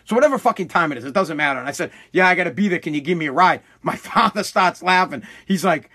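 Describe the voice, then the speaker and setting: A man's voice: high voice, lively intonation, fast talker, few pauses, sharp tone, slightly rough. A man telling a casual story bluntly, full of swearing and restarts. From Massachusetts.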